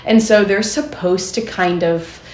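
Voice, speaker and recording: A young woman co-hosts a casual podcast, explaining child behavior in a chatty, filler-heavy way and laughing often. Her voice sits at a middle pitch. The recording carries a noticeable room echo. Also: steady tone, measured pace, a little hiss or hum. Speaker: podcast co-host, therapist.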